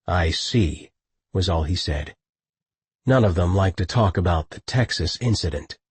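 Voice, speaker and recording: A man narrating a novel in a steady, measured manner. His voice is low and very husky, recorded close and dry with no room echo. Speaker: audiobook narrator. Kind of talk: scripted narration.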